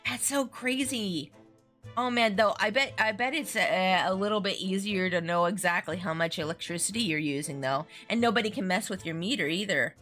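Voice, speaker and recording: A woman's voice: on the low side, fairly quick, few pauses, sharp tone. A woman streaming a game, chatting casually and giggling between asides. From United States. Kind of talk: casual let's-play commentary. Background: faint game music.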